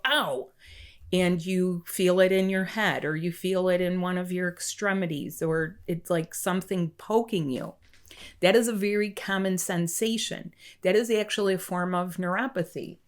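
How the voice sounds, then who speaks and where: A woman energy healer speaking straight to the listener, asking a string of questions in a calm, measured way. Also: fairly low pitch. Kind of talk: direct-to-camera wellness talk.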